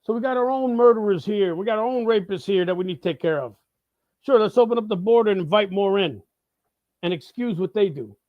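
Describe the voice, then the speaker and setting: A man with a fairly high voice rants through a political monologue, swearing constantly and turning sarcastic. The recording is dull and lo-fi, with a very dry, close sound and no room behind him. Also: brisk, no echo. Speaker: host of a live talk show.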